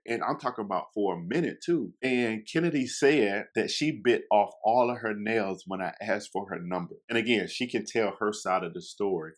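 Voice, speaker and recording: Animated young man telling a story. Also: normal speed, hardly any pauses. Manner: animated, acts out quoted lines in higher voice; chatty, addresses listeners directly. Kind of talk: casual storytime.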